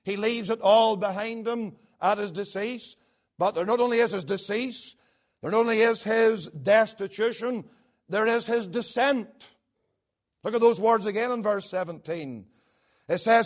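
A man with a notably high voice preaches a sermon. He climbs to loud, emphatic peaks, then sinks to low, hushed lines. He lingers slowly on key words. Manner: swings between rising emphatic peaks and low hushed drops; slow, deliberate delivery with pauses on key words.

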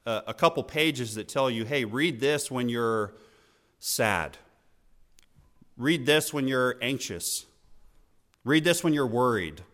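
A man preaching a sermon in an earnest, teaching tone, slowing down to stress key words and letting his phrases fall at the end. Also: mid-range voice, a bit bright. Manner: slow emphatic phrasing with falling line endings.

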